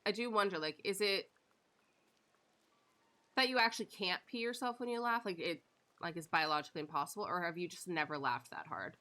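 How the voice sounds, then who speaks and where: Bright, chatty woman streamer. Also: on the low side, fairly quick, long pauses. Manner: chatty, rambling, with frequent fillers and laughter. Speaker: live streamer. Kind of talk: casual chat while gaming.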